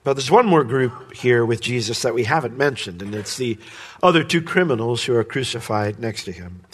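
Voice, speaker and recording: A pastor preaching a sermon, who climbs high and loud when he voices other people's demands and drops low and soft at the ends of phrases. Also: lively intonation, moderate pace. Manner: rises sharply in pitch and volume when voicing the criminal's demands.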